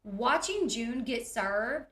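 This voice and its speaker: Bright, chatty woman recapping. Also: fairly high pitch, expressive, takes it slowly, reverberant. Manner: chatty, giggly, retells scenes in quoted voices. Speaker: recap host. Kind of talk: casual reality TV recap.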